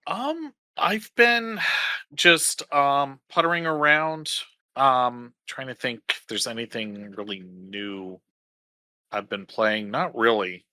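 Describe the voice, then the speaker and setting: A man's voice: medium pitch, slow pace, pushed and bright, dry recording, studio quality. A man co-hosting a podcast in casual chat, rambling and hesitant with many ums. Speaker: podcast co-host.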